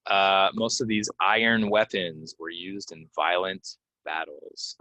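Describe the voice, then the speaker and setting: A man teaching English pronunciation, reading example sentences and then repeating key words slowly with clear stress. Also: low-pitched, little pitch movement, sharp tone, dry recording. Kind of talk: pronunciation lesson. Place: Orlando, Florida.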